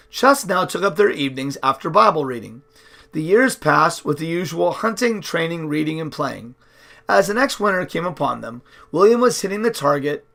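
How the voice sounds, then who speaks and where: A man's voice: on the high side, creaky, sharp tone. A man reading a novel aloud in an unpolished way, with slips and restarts. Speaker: audiobook reader.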